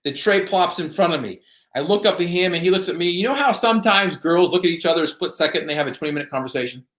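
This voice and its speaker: A man's voice: sits high, fast, a bit bright. A man guest telling a personal story in an earnest, emphatic way. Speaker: podcast guest. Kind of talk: motivational storytelling. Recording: roomy echo.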